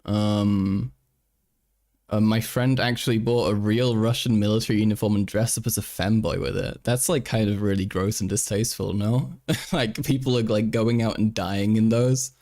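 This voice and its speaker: A man's voice: lowish voice, fairly even intonation, moderate pace, a little mellow. Rambling, profane young male streamer. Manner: rambling, profane, frequent restarts. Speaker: livestream host. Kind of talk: casual chat.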